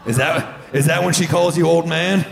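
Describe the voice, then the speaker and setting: A man's voice: on the high side, steady tone, moderate pace, vocal fry. A man doing profane, teasing stand-up crowd work on a comedy club stage, with a handheld mic. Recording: roomy live club with crowd noise.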